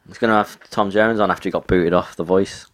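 Deep-voiced man with dry quips. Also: steady tone, fast, fairly bright tone. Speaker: podcast co-host. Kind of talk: casual chat.

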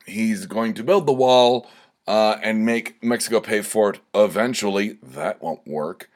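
This is a casual solo podcast monologue from its young male host, who speaks fairly low and a little slowly. He's had some shots and is slightly tipsy, so he rambles, curses, and stammers when he gets heated.

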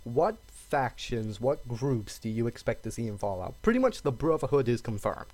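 A man co-hosting a casual gaming podcast, animated and quick to laugh, slipping into character voices. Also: mid-range voice, a crowd in the background. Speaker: podcast co-host.

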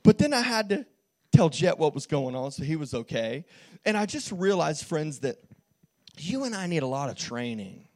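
A man preaching a sermon as pastor in church, telling a lively story with frequent restarts and calls to the congregation. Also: on the high side, normal speed.

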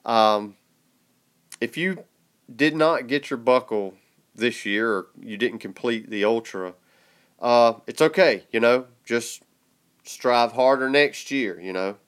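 A man with a Southern US accent hosts a podcast in relaxed, chatty fashion. His voice is smooth and clear even with a stuffy, congested nose. He drawls along easily, often chuckling. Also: mid-range voice, slow pace. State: congested from a sinus infection. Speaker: podcast host. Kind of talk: casual chat.

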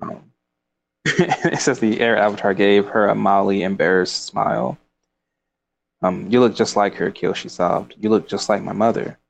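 This man's voice is lowish and creaky, a little slow with fairly even intonation. He reads passages from a book aloud and chats about it casually, rambling with plenty of fillers and laughs.

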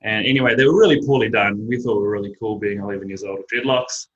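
A man's voice: on the low side, quick pace. Chatty New Zealand man, lo-fi. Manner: chatty storyteller, relaxed and self-mocking. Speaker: guest, baseball pitcher and teacher. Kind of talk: casual podcast chat. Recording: dull lo-fi audio.

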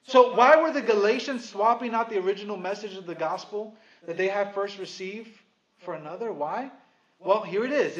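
High-voiced man preaching a casual sermon. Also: a bit bright, highs cut off. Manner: conversational, emphatic, asks the congregation questions; playful, dry humor. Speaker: pastor.

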